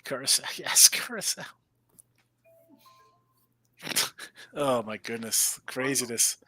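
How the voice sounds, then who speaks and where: A man's voice: mid-range voice, takes it slowly. A man co-hosting a casual sports betting stream, rambling through stories and laughing often. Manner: rambling, animated storyteller who laughs often. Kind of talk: casual chat.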